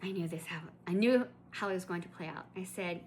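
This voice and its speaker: A woman's voice: lowish voice, fairly quick, a little hiss or hum. A woman vlogger telling a shopping story in a chatty, indignant way, full of asides and restarts. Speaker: collector vlogger. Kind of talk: casual ranting storytelling.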